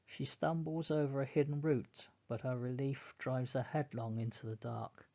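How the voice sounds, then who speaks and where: A man narrating a novel in the first person, in a slow, measured, mournful reading. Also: medium pitch, fairly even intonation, warm tone, lo-fi sound.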